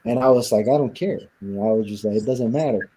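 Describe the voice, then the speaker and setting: A man from Southern California, an interview guest, tells his story candidly and bluntly with rough language, acting out what guards said to him. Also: fairly low pitch, steady tone, fast, background noise. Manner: blunt and profane, acts out the guards' lines.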